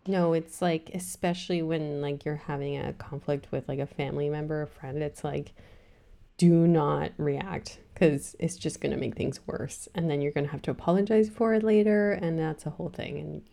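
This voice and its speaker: A woman co-hosting a casual podcast chat, speaking in a low voice with a gravelly fry. She lays out her views earnestly and at length. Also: steady tone, normal speed, mellow. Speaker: podcast co-host.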